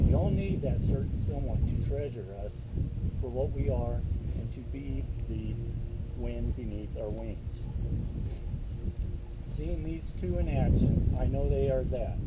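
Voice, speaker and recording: A man's voice: medium pitch, very noisy. Moved man reading a wedding letter. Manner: earnest, moved, reading carefully.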